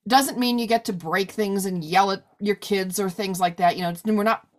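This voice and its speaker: A woman's voice: medium pitch, normal speed. A woman in her forties in a casual conversation, talking loosely with lots of "like" and "you know". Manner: chatty, many fillers like "like" and "you know". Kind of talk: casual chat.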